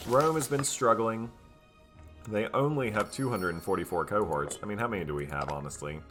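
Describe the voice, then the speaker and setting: A man's voice: on the low side, a little fast, a bit bright. A man commentating his strategy game in character, musing and playfully boastful, with frequent hesitant fillers. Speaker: gameplay commentator. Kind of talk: let's play commentary in role. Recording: faint music behind voice.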